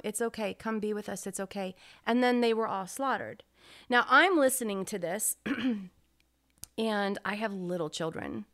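A woman's voice: mid-range voice, fairly bright tone. A middle-aged woman co-hosting a faith podcast, telling a story earnestly with many restarts. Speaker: podcast co-host. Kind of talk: casual faith podcast talk.

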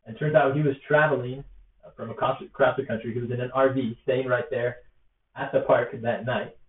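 A man's voice: mid-range voice, steady tone, brisk. A young man telling a story in a casual, earnest, rambling way, with lots of fillers, recorded on a laptop. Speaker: rally organizer. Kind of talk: casual spoken reflection to camera. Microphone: laptop or tablet built-in mic. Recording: echoey, distant, phone-like tinny sound.

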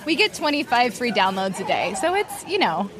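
A woman's voice: a little high, moderate pace, crowd noise. Giggly woman guest at a barbecue. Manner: giggly, relaxed. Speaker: interview guest. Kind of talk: casual interview chat. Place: outdoor post-wedding barbecue.

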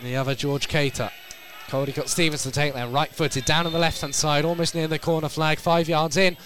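Calling a football match live outdoors, this North East English man talks quickly and rises in pitch and loudness at major moments. There's little pitch movement, a fairly bright tone, and a slight hiss or hum on the recording.

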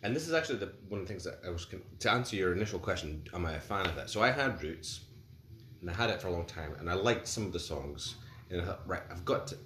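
Deep-voiced man in casual music chat. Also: animated, fast, fairly bright tone. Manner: rambling, hesitant, frequent fillers and restarts. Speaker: podcast co-host. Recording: roomy recording with faint background hiss.

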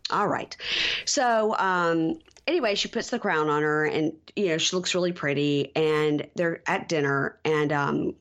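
A woman's voice: low-pitched, measured pace. A middle-aged woman co-hosting a casual podcast recap, rambling with many fillers and losing her place. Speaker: podcast co-host.

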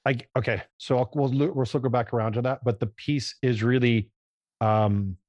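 A man's voice: medium pitch, steady tone, normal speed, darkish tone, no echo. A man talking as a podcast guest in casual conversation, rambling and searching for words, often acting out little quoted scenes. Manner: acts out voices in quoted examples.

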